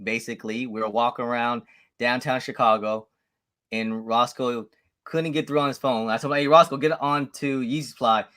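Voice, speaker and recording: A man chatting as co-host on a livestream, retelling stories with a lot of laughter. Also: medium pitch. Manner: laughing storyteller, animated retellings. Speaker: co-host friend. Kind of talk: casual chat.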